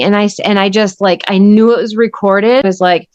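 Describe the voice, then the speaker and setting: A woman's voice: medium pitch, moderate pace, hardly any pauses, clean tone, no room sound. A woman guest telling her story in an interview, earnest and emphatic in a conversational way. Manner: earnest, emphatic, intense retelling. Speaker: podcast guest.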